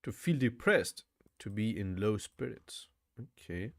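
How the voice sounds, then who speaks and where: A man's voice: lowish voice, animated, a little slow, creaky. Chatty man repeating words aloud. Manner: thinks aloud, repeats words, says "bro" often. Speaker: language learner vlogger. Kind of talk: casual study vlog.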